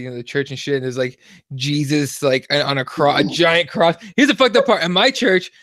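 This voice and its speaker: A man co-hosting a casual comedy podcast, telling stories with plenty of swearing and lively energy. His voice sits somewhat high for a man. The recording is dry and close, with no room sound. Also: no room sound. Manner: profane, animated storyteller. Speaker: co-host.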